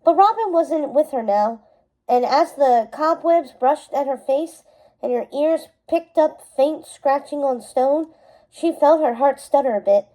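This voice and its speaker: High, mellow woman reading a storybook. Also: unhurried, poor audio. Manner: steady narration with small slips and self-corrections. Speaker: storybook reader. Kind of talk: reading a novel aloud.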